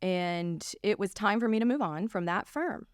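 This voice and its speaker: A woman's voice: medium pitch, normal speed, no echo, clean studio sound. A young woman, a family law attorney co-hosting a podcast, telling her story in a chatty, upbeat pep-talk way. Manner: chatty, upbeat pep-talker, animated retelling. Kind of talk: casual conversational storytelling.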